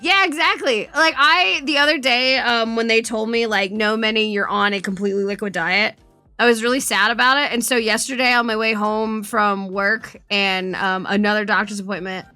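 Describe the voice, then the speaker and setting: A woman's voice: on the high side, normal speed, clean tone, dry recording, soft background music. Swearing, rambling young woman streamer. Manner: swears often, rambling and animated storytelling. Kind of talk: casual chat.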